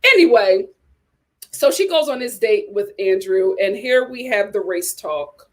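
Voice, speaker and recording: A woman ranting as a reality TV commentator, talking in an animated, exasperated way. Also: medium pitch, unhurried. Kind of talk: casual chat.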